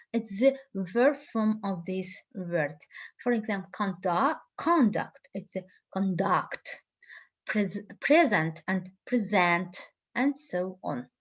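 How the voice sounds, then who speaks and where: A woman teaching a lesson, reading from her notes slowly and carefully with frequent pauses and fillers. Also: a little high, lo-fi sound.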